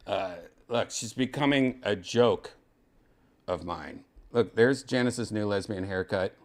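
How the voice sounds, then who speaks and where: A man's voice: fairly low pitch, slow, pauses often. An older man hosting a casual show from his home, rambling and joking crudely. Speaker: host. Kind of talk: casual chat. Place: second-floor home room.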